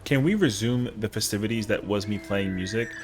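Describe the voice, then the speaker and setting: A man's voice: lowish voice, fairly quick, slight background noise. A man streaming a game live, chatting casually with viewers in a rambling, slangy way. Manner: rambling, slangy, answers chat.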